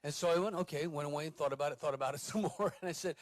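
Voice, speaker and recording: A middle-aged man from Corpus Christi, Texas, hosts an awards ceremony at the venue, improvising his speech at a racing pace with lots of "uh" fillers and self-deprecating jokes. His voice sits a little high for a man, and the audio is close and dry with no echo.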